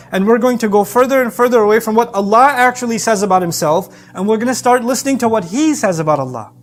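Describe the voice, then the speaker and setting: A man giving an animated sermon, emphatic and acting out bits of dialogue. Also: sits high. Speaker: preacher. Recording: faint background music.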